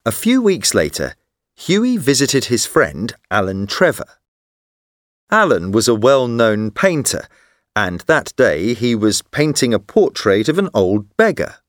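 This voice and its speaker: A man reads a simple storybook aloud at a deliberately slow, careful pace. His pitch moves expressively through the sentences. The recording is dry and close. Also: huge pitch swings, no echo. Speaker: narrator. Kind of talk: scripted narration of a graded reader story.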